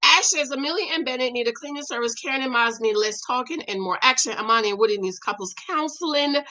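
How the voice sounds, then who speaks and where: A middle-aged woman hosts a relaxed chat show, reading out viewer comments in a high, bright voice. She is animated and laughs often as she talks straight to her audience. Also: fast. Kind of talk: casual chat.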